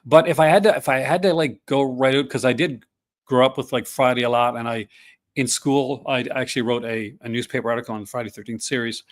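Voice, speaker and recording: Guy in his 50s chatting casually, lots of ums and restarts, middle pitch. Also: steady tone, quick pace. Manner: rambling, many fillers and restarts. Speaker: podcast host. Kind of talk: casual chat.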